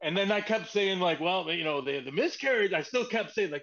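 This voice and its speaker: Profane, animated male storyteller, muffled audio. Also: high-pitched, a little fast. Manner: animated, profane, acts out quoted dialogue. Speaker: podcast guest, former wrestling writer. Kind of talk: casual storytelling chat. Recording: muffled lo-fi sound.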